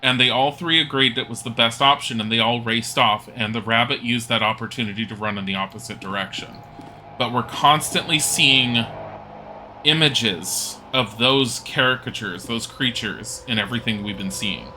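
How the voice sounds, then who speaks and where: A man's voice: mid-range voice, moderate pace, pushed and bright, slight background noise. A male streamer playing a horror game live and thinking aloud as he retells a story, rambling with restarts. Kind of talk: game playthrough commentary.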